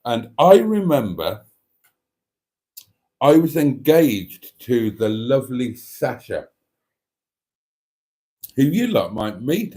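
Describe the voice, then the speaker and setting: With a lowish, warm voice, a middle-aged man chats casually on his livestream. He reads chat comments aloud, rambling along and tossing in cheeky asides.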